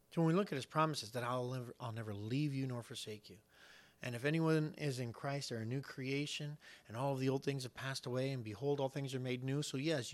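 A man preaching a sermon, earnest and building to loud emphasis as he acts out the replies of God and friends. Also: mid-range voice. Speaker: pastor.

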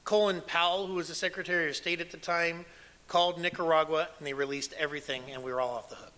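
A man preaching a sermon, telling stories with emphasis and swinging between a hush and loud, pressing delivery. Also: fairly high pitch, fairly even intonation, fast. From United States. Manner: emphatic storytelling, dropping to a hush and rising loud. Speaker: pastor and former missionary.

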